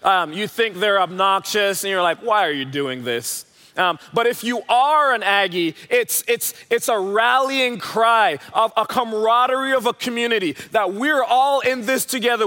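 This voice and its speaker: A man delivers an earnest, emphatic sermon, leaning on repeated phrases. His voice sits high and bright. The sound carries the long reverb of a church hall. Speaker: pastor.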